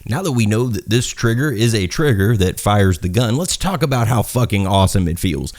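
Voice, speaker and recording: A man's voice: on the low side, lively intonation, fairly quick, a little mellow. A man with a Southern accent giving a casual product review, rambling, swearing and poking fun at himself. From South Carolina, US. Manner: rambling, profane, self-mocking, laughs at own jokes. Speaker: gun reviewer.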